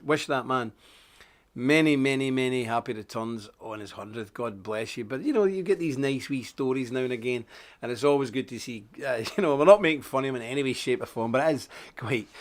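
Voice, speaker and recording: A man's voice: a little high, a bit bright. A man hosting a live stream, talking off the cuff in an outspoken, emphatic and folksy way. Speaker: host of a live stream report. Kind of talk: unscripted live-stream monologue.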